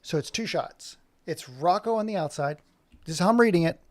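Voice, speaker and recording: Male streamer, slightly high pitch, rambling and self-mocking, narrating his own fumbling at the computer. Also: lively intonation, brisk, dry recording. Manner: rambling, thinking aloud while fumbling with software. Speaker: animator streaming his work. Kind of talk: casual live-stream chat.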